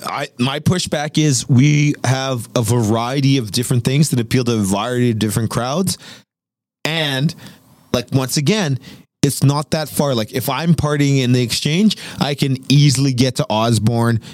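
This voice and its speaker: A man's voice: mid-range voice, moderate pace, dry recording, studio quality. A man from Winnipeg arguing his side in a casual debate, pressing his points with rising emphasis. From Winnipeg, Canada.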